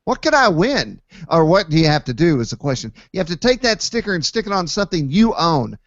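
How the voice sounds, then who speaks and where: Male host, easygoing rambling banter, raised pitch; dry, muffled lo-fi sound. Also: very animated, a little fast, no echo. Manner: joking, rambling, many fillers. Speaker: podcast host. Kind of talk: casual chat. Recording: dull lo-fi dry recording.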